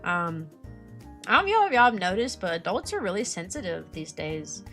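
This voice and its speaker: A young woman, a streamer who teaches kindergarten, chatting casually and animatedly about her work, often mimicking parents in a higher voice. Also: very animated, normal speed, fairly bright tone, soft background music. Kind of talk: casual chat.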